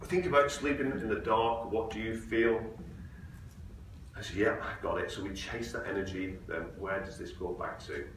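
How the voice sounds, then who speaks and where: A man's voice: fairly low pitch, moderate pace, fairly bright tone. Male conference speaker, storytelling, very echoey hall with noise behind, mic distant. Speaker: presenter. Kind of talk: conference talk with anecdotes.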